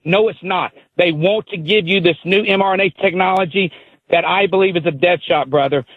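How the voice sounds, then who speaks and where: A man with a Southern accent calling in, talking fast, urgent and emphatic like a preacher. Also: high-pitched, dry recording. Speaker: caller. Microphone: telephone. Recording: dry phone line.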